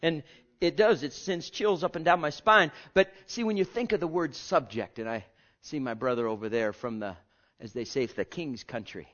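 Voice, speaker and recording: A man preaching a sermon with passion, swinging from hushed, drawn-out words to loud cries. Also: fairly high pitch, lo-fi sound.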